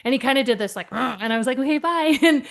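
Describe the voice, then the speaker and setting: A middle-aged woman with a slightly high voice tells workplace stories with lots of energy. She slips into the voices of her characters as she goes, in an easy conversational flow. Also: rapid-fire. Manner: lively, acts out voices in her anecdotes. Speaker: guest, keynote speaker. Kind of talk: animated storytelling in conversation.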